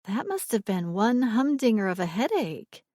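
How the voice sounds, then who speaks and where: A woman voicing a kind young woman who coaxes a small child in a soft, sing-song voice. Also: fairly high pitch, sing-song, moderate pace, dry recording, studio quality. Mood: gentle.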